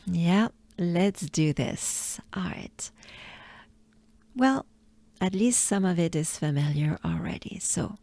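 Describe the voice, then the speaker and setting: Slow, mellow-voiced French woman coaching pronunciation. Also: lowish voice, vocal fry, no echo. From France. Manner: slow, repeats each sound several times, drops to whispers. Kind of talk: pronunciation lesson.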